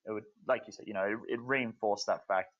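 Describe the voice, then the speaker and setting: An Australian man co-hosting a podcast, thinking aloud in a halting way during a casual discussion. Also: fairly low pitch, steady tone. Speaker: podcast co-host. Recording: dull lo-fi podcast mic.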